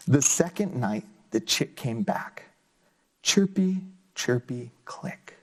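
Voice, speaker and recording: Lively man reading a storybook aloud. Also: slow, husky. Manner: expressive storybook reading with big pitch jumps on sound words. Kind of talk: children's read-aloud lesson.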